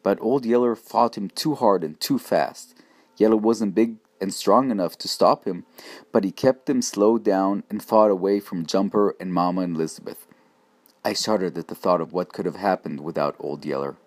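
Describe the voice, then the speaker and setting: A man reading a first-person audiobook narration in a steady, measured voice. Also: low-pitched, no echo.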